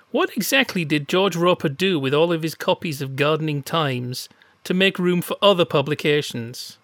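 A man with a bright, sharp-edged voice trades sardonic quips in a casual podcast chat. His pitch sits a little above average, and the sound is dry and close to the mic. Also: no room sound. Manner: wry, sardonic, dry humour. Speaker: podcast co-host.

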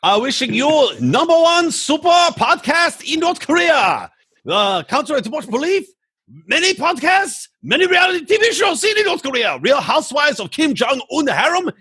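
A man putting on a high, shouty voice as a mock dictator calling in to a podcast. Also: sing-song, normal speed, hardly any pauses, exaggerated voice. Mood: mock boastful. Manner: shouty, high-pitched put-on voice.

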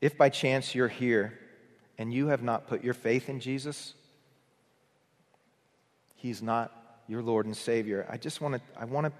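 A man preaching a morning sermon, earnest in tone, who builds up to emphatic peaks and then drops to a near hush. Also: mid-range voice, fairly even intonation, measured pace, pauses often, big-room sound. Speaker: pastor.

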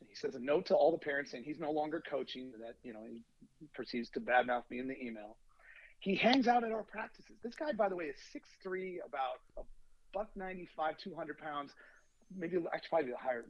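A man's voice: fairly high pitch, fairly quick, no echo, dull audio. A man, a youth baseball coach, telling a long story on a podcast and acting out the lines of the people in it. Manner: animated anecdote, acting out quoted lines.

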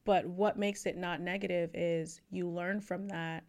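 A woman's voice: on the low side, steady tone, unhurried, a little mellow. A woman hosting a podcast as a dating coach, talking things through in a reflective way and explaining with analogies. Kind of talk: casual podcast conversation.

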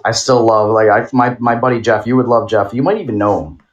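A man's voice: fairly low pitch, fairly quick, lo-fi sound. A man co-hosting a podcast, chatting casually in a rambling, giggly, profane way. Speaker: podcast co-host. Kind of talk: casual chat.

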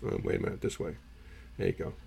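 A man, co-hosting a podcast, tells rambling stories in a husky voice and keeps clearing his irritated throat. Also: fast, dark tone. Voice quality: gravelly, husky. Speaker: podcast co-host. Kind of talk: casual storytelling chat.

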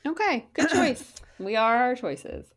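A woman's voice: big pitch swings, a little slow, dry recording, studio quality. Woman in her 30s co-hosting, teasing, laughing, voice bouncing all over. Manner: teasing, laughing, swings her pitch a lot. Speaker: podcast co-host. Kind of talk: casual chat.

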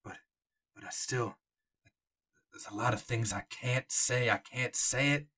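A man's voice: medium pitch, pushed and bright, husky. A man voicing a stammering old park docent. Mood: earnest. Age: older. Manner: stammering, halting repeats.

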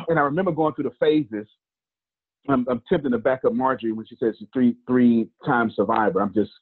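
A man's voice: mid-range voice, moderate pace, breathy edge. A man, a motivational speaker telling personal stories in a joking, conversational way with preacher-like asides. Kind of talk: casual storytelling talk. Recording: phone-like lo-fi line.

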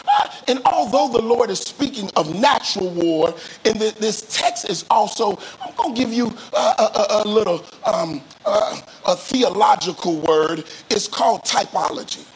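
A man's voice: high voice, animated, husky, low-quality recording. A male pastor preaching a sermon, calling on the congregation to answer back, stretching key phrases out for emphasis and often repeating words as he restarts. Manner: call-and-response preaching, drawn-out emphatic phrases.

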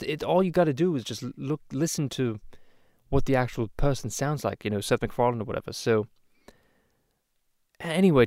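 Man, casual rant, exasperated and profane, mid pitch, smooth resonant voice. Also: a little mellow, no echo, clean studio sound. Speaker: YouTube host.

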